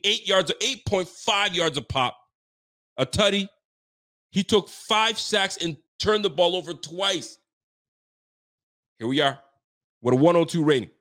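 A man's voice: high voice, expressive, a little slow, long pauses, fairly bright tone. A man from Ontario hosting a sports show, venting heatedly after a game with frequent cursing. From Ontario, Canada. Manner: heated, profane, fired-up venting. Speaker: sports podcast host. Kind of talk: postgame rant.

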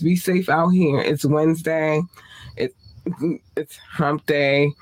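A man hosting a podcast, closing the show with playful, animated talk, casual swearing and sing-song repeats. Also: on the high side, slow pace. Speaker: podcast host.

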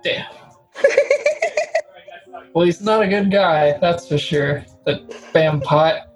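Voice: medium pitch, takes it slowly, soft background music, poor audio. Easygoing podcast guest. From Southern US. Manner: easygoing, puzzled guessing. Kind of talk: casual chat.

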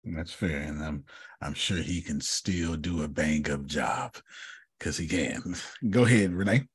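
Male podcast host with a very low, husky voice and a laid-back manner. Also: a little slow. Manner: laid-back asides, hands the floor to others. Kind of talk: casual podcast discussion.

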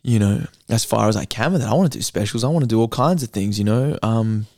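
A man's voice: on the low side, expressive, fast, darkish tone, dry recording. Eager young man, close and dry. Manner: enthusiastic, earnest, restarts often. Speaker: guest comedian. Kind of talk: casual podcast chat.

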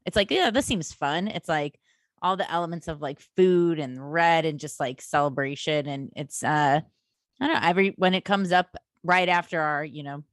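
A woman's voice: low-pitched, no room sound, clean studio sound. A woman co-hosting a podcast in casual chat, playful and chatty, swearing casually. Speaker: podcast co-host.

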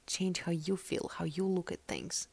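A non-native English-speaking woman hosts a tarot podcast, giving a casual spoken reading full of fillers and self-corrections, often dropping to a near whisper. Her gravelly voice is fairly low, very animated, and measured in pace, with soft, almost whispered stretches.

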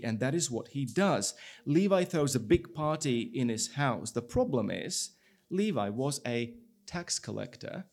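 A man pastor preaching a sermon, telling the story in an animated way and acting out the people's lines. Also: medium pitch, unhurried. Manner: animated storytelling with acted-out dialogue.

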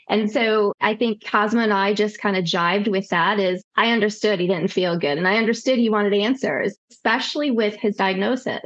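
A woman nurse practitioner telling a story casually, acting out quoted dialogue with lively voices. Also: mid-range voice, lo-fi sound.

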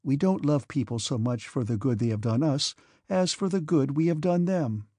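A man voicing a gentle, devout, timid young princess in an audiobook, earnest and pleading. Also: mid-range voice, normal speed, no echo, studio quality, natural voice. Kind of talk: audiobook character reading.

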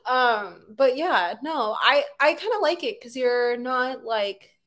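A woman's voice: sits high, expressive, a little slow, a bit bright. A young woman co-hosting a casual movie chat, rambling with many fillers and bursts of laughter. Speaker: podcast co-host.

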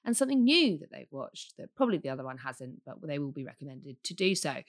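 A woman with a croaky, hoarse voice, hosting a casual podcast chat in a chatty, teasing way. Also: deep voice, very animated, fast talker. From United Kingdom. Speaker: podcast host.

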